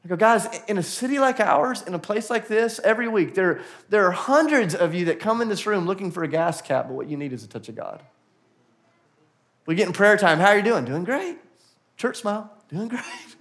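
A man preaching to a church congregation, his voice sitting a touch high. He speaks earnestly and builds to animated emphasis, slipping into quick acted-out asides. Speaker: pastor. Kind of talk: sermon. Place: church auditorium.

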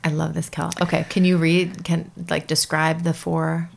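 A woman in her thirties co-hosting a casual podcast, encouraging her partner with quick affirmations. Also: sits low, little pitch movement, creaky, a little hiss or hum. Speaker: podcast co-host. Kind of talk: casual chat.

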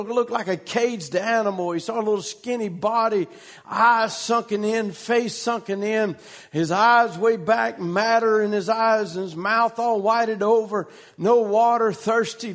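Guy preaching a sermon in a really high voice, keeps restarting and repeating his lines. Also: a little slow. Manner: repetitive, restarting phrases, rhythmic preaching cadence. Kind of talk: sermon storytelling.

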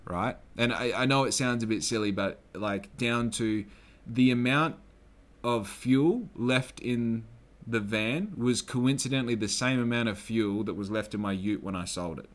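A young Australian man hosting a solo podcast, telling a long story in a loose, swearing, animated way and acting out the people he quotes. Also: mid-range voice, a little slow. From Western Australia. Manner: swears freely, acts out quoted people, gets loud when excited. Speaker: podcast host.

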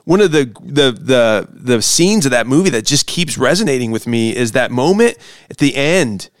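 Animated man talking with fervor. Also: medium pitch, normal speed, no echo, clean studio sound. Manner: animated, enthusiastic, rambling with restarts. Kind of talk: casual conversation.

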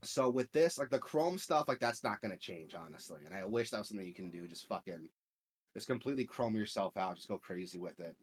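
A young man in casual gaming-podcast chat, talking on and on with "like" and swearing in every sentence. His voice sits a little low. He sounds relaxed and unscripted. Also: a little fast, husky. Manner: rambling, profane, filler-heavy. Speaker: podcast host.

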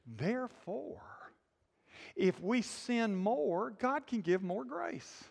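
A man preaching a sermon in a lively call-and-response style, with sudden loud bursts. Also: very high voice, slow pace, gravelly. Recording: long hall reverb.

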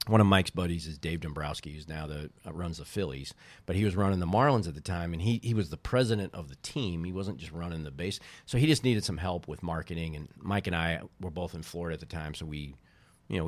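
A man's voice: sits low, no echo. A middle-aged man, a former baseball team co-owner, telling rambling stories in casual chat and often breaking off his own sentences. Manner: rambling, self-interrupting storyteller.

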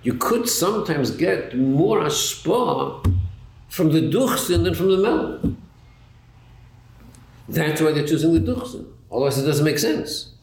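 A man gives a lively Torah lecture in a fairly high, gravelly voice that rises and falls a lot. He asks himself questions and restarts phrases as he thinks. The recording is roomy, with a faint hiss behind him. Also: unhurried, long pauses. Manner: animated, rhetorical questions, repeats words while thinking. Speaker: Torah teacher. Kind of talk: Chassidus class lecture. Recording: echoey room with faint noise.

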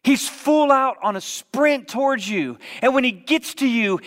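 A man preaching a sermon as vivid storytelling, dropping at times to hushed whispers. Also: extremely high pitch, animated, measured pace, few pauses. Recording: long reverb of a large hall.

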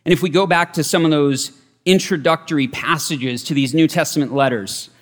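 Male preacher, fairly high voice, earnest and repetitive, long hall reverb. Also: fairly quick, fairly bright tone. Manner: earnest, repeats key phrases for emphasis. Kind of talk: sermon.

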